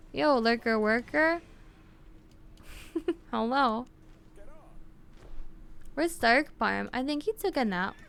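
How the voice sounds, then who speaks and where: A woman streamer chatting casually with her viewers, talking with vocal fry and lots of fillers. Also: a little high, a bit bright. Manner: chatty, answers chat with fillers and laughs.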